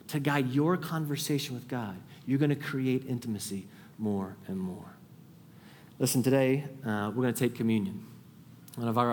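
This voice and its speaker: A man preaching a sermon as a pastor, earnest, climbing high and urgent when he presses a point and dropping to a hush when he voices a prayer. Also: a little hiss or hum. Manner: drops to a soft hush when voicing a prayer. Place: church sanctuary. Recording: long hall reverb.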